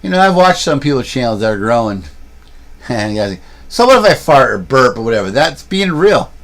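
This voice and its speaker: Man, casual livestream chat, rambling storyteller, handheld camera, mid-pitched voice. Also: animated, moderate pace, a bit bright. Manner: chatty storyteller, rambles with restarts and asides. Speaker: streamer and vlogger.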